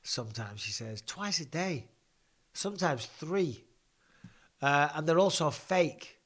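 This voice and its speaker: A man's voice: on the high side, expressive, slow pace. A man hosting a live fan Q&A, talking through a blocked nose in a chatty, off-the-cuff way. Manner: chatty, restarts and asides. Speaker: host. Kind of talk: live reaction and fan Q&A chat.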